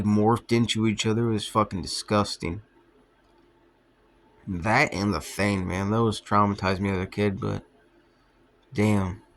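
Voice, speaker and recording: Profane rambling young man. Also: on the low side. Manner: profane, offhand, laughs at his own stories. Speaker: vlogger. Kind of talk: rambling casual storytelling.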